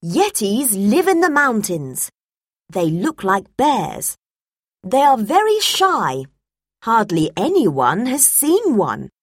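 A cheerful explorer father from a storybook, talking with enthusiasm, as a woman reading aloud puts him on. The voice stays only a little above her own, slow and dry, with a lively tone. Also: a little high, breathy edge, no echo, heavily acted. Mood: enthusiastic. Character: cheerful adult male explorer dad.

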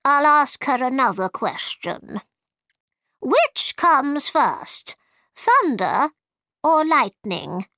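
A woman voicing a muddled, fretful old queen in a storybook, with a drawn-out, fussy delivery. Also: high-pitched, big pitch swings, pushed and bright, dry recording, pitched above the performer's own voice, full character voice.

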